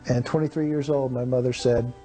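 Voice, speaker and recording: A man's voice: mid-range voice, fairly even intonation, brisk, warm tone, faint music behind. A man in his fifties from Texas, telling his personal testimony in an earnest, dramatic way and acting out the people in his story. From Texas, USA. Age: 50s. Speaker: testimony speaker.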